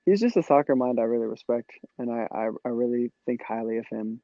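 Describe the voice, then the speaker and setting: A man's voice: mid-range voice, a little fast, warm tone, no echo. Easygoing young man on a dull, dry podcast mic. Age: 20s. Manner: easygoing, laughs often, chatty with many fillers. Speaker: podcast guest, former player. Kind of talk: casual chat.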